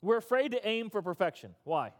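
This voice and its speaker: A man's voice: high-pitched, big pitch swings, fairly quick. A male pastor giving an interactive sermon, emphatic and repetitive, coaxing his audience to respond. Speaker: pastor leading a recovery group. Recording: echoey hall.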